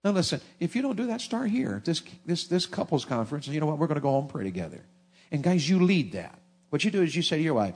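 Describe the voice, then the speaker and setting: A middle-aged man, preaching a sermon with folksy, animated humor. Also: a little high, quick pace, slightly rough.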